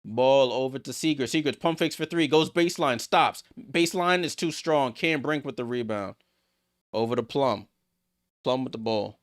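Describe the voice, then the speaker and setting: A man hosting a live watchalong stream, calling basketball play-by-play and reacting excitedly to each play. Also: mid-range voice, moderate pace. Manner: excitable, rattles off passes, reacts aloud. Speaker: watchalong host.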